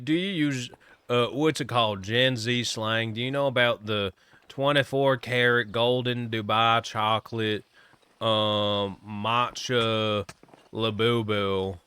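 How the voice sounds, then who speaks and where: A man's voice: lowish voice, pushed and bright, clean tone, dry recording. A man streaming a game, chatting casually and joking with viewers as he rambles.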